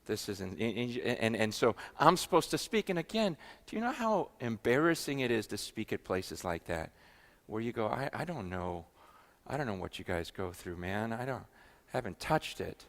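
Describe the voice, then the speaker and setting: A man preaching a sermon, telling a story with many restarts and moving from hushed, low passages to loud, excited ones. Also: moderate pace. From United States. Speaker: pastor.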